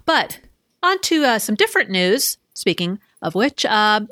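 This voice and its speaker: A woman's voice: medium pitch, very animated, a little slow, fairly bright tone, no room sound, clean studio sound. A woman hosting a tech podcast in casual chat, upbeat and steering the talk to the next topic. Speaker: podcast host.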